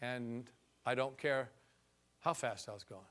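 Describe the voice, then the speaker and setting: A man voicing a calm, devout cowboy who answers matter-of-factly in a retold story. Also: mid-range voice, a little slow, pitched below the performer's own voice, lightly acted. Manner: laid-back, matter-of-fact.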